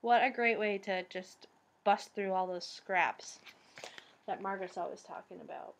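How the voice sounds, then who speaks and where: A woman's voice: medium pitch, moderate pace, a little hiss or hum. A young woman with a Boston accent, chatting casually about her knitting and sewing projects in a rambling way, with many "um"s. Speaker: crafting vlogger. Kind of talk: casual crafting vlog chat.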